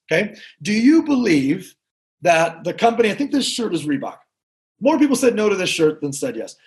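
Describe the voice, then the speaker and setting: A man giving an energetic motivational talk to a sales team. He repeats his key points and asks the crowd questions. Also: high-pitched. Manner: energetic, repetitive, talks to the crowd. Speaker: sales trainer.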